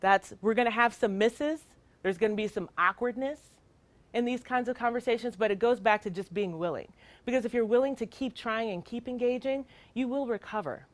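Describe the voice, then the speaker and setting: A woman's voice: a little high, fairly quick, no room sound. Woman, middle-aged, training talk, emphatic, conversational, close dry mic. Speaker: child welfare trainer.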